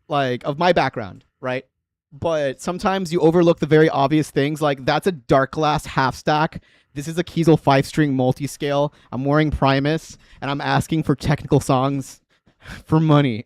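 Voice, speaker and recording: A man's voice: a little high, no echo. Rambling man in his thirties streaming. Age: 30s. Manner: rambling and filler-heavy, often laughing. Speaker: livestream host and bass player. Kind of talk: casual livestream chat.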